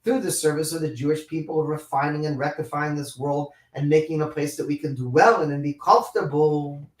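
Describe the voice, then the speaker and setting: Man, Torah class teacher, animated, slightly high voice, distant mic, echoey room. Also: brisk. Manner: reads Hebrew passages and explains them in English; animated, with many repeated restarts. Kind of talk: live-streamed Torah class.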